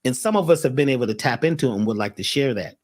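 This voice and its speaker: A man speaking as a guest in an animated spiritual talk, telling stories and acting out the people he quotes. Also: mid-range voice, racing.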